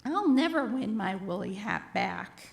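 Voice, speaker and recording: A woman's voice: medium pitch, expressive, unhurried, gravelly, pitched below the performer's own voice. A woman voicing Harold, an earnest little bear. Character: gentle young male bear who loves his hat. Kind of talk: reading a children's story aloud.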